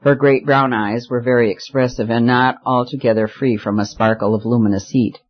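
A man narrating a novel in a steady, measured way. His voice sits at an ordinary middle pitch. The recording sounds slightly muffled and dull. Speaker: audiobook narrator. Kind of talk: scripted narration.

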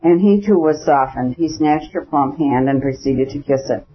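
A man narrating a classic novel in a measured, even storytelling manner. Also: a little high, slight background noise. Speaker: audiobook narrator. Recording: dull lo-fi recording.

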